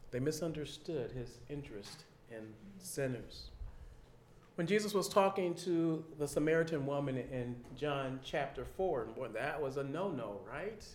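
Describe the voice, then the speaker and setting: Man, preacher, lively sermon, acts out reactions, slightly high voice, faint background hum. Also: moderate pace. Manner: animated, acts out quoted reactions, repeats key phrases. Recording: echoey room.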